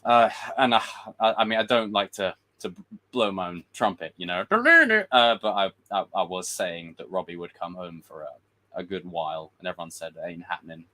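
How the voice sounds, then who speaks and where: A livestream host with a deep voice and a steady, fairly bright tone rambles casually through blunt, profane opinions on films. He drops in quick voiced impressions along the way.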